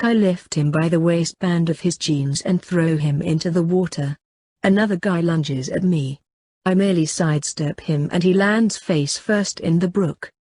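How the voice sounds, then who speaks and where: A woman narrating an audiobook in the first person with a steady, measured reading. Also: on the low side, no echo.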